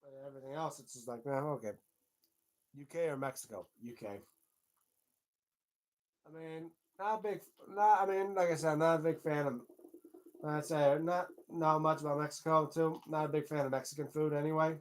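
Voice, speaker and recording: A man's voice: on the high side, brisk. A man hosting his own livestream, chatting loosely and rambling, with casual swearing. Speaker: livestream host.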